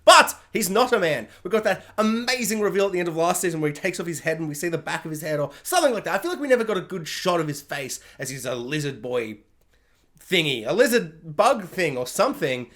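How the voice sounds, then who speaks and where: Excitable guy chatting a show review, high voice that bounces all over. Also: quick pace. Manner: excitable, jumps into silly voices when quoting. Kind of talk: casual spoiler review.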